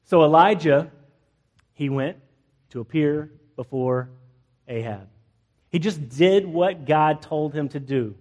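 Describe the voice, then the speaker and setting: High-voiced playful preacher man. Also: a little slow, darkish tone. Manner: acts out biblical characters in playful asides, jokes with the congregation. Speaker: pastor. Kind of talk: lively conversational sermon.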